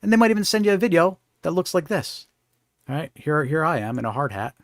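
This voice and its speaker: On a live stream raising awareness about scams, a male host talks fast and very animatedly in a fairly high voice, with a dry, clean studio recording. His tone is conversational, and he keeps checking in with "right?"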